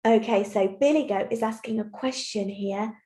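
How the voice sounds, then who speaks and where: A woman teacher giving a recorded online lesson to young children, explaining clearly, patiently and encouragingly. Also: mid-range voice, normal speed, dark tone. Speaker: primary school teacher. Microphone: computer mic while screen sharing. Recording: echoey room.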